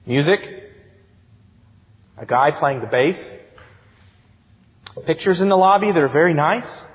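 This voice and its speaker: Youth pastor guy preaching, lively up and down voice, fairly high, big church echo, kinda muffled. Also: a little slow. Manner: animated storytelling, acts out excited voices. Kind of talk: sermon. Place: church sanctuary. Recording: dull sound with long church reverb.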